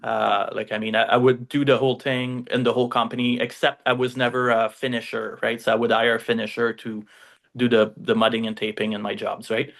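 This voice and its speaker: A man's voice: mid-range voice, little pitch movement, fairly quick, creaky, fairly bright tone. A man with a French accent, a native French speaker, telling his story as a podcast guest in a rambling way, full of fillers and tag questions. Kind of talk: casual interview storytelling.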